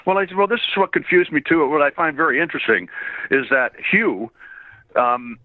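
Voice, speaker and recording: A slightly hoarse man from Canada with a faint Irish trace, a voice actor and singer chatting as an interview guest, animated and laughing as he tells stories. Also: on the high side, moderate pace, no echo. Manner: animated, laughing storyteller with frequent restarts. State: a bit hoarse. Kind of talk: casual interview chat. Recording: tinny phone-line sound.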